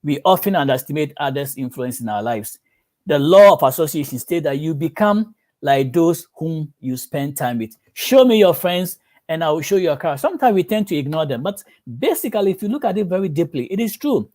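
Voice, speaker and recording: A man's voice: fairly high pitch, lively intonation, fairly quick, darkish tone. A man preaching a sermon as a pastor, telling stories and acting out the voices of the people in them.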